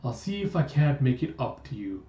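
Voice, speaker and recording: A man voicing a sinister old male doctor, calm and cruel, who draws out his words and drops the ends of sentences low and soft. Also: close to an everyday voice. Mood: menacing. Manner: slow, drawn-out menace, name-endings dropped low and soft. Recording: roomy, distant, dull lo-fi sound.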